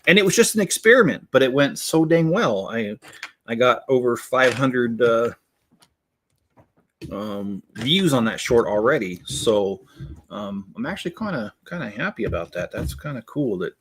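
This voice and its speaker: A man chatting casually on a livestream as he builds, in a voice of ordinary middle pitch. His talk rambles, full of ums and restarts, and he often breaks into laughter. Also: sing-song, moderate pace, a bit bright, a little hiss or hum. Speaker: livestream host building Lego.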